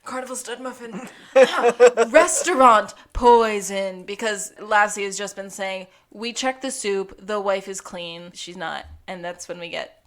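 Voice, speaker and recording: A woman's voice: mid-range voice, unhurried. A woman co-hosting a casual rewatch podcast, recapping scenes and acting out the characters' lines with lots of laughter. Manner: animated, acts out characters' lines while recapping, laughs often. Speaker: podcast co-host.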